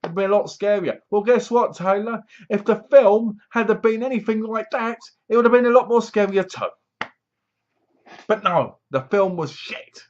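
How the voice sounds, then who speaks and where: A man's voice: high-pitched, muffled recording. A man giving a rambling, scornful horror film review, often mimicking the characters. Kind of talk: casual ranting movie review.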